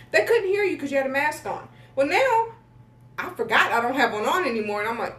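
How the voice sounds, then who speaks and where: A woman co-hosting a podcast in casual chat, giggling and telling lively stories. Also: high voice, rapid-fire, roomy sound. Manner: giggly, animated storytelling. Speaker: podcast co-host.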